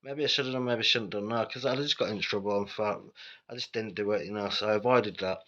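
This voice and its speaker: A man with a Yorkshire accent rambles through a casual story, blunt and sweary. His voice sits low, and the recording sounds dull and lo-fi. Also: quick pace, a bit bright. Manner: rambling, sweary and blunt, with frequent asides to the listener. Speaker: vlogger telling personal stories.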